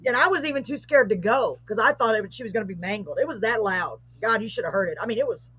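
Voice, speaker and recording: A middle-aged woman hosts a live show, telling a ghostly story with growing excitement and an animated voice. Her voice is husky and a little breathy. The sound is muffled and lo-fi, like a live stream. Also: fairly high pitch, quick pace. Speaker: host. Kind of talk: casual storytelling, paranormal tale.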